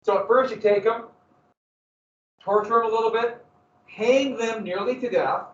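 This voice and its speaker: High-voiced male teacher in an echoey classroom. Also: moderate pace, long pauses. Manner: lively storytelling, questions the class. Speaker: history teacher. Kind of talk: classroom lecture. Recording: echoey classroom from far off, dull lo-fi.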